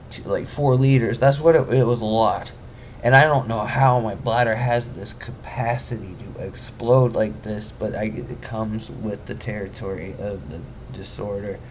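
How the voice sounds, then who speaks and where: Young male vlogger, emotional rambling storyteller, average pitch, light background hiss. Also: darkish tone. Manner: emotional, rambling, frequent fillers and restarts. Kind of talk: personal storytime vlog.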